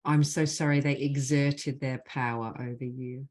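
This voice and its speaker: Low-voiced woman guiding a healing call. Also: level tone, darkish tone. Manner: slow, deliberate reading of repeated phrases. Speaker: spiritual mentor leading a group call. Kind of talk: guided clearing session with spoken healing phrases.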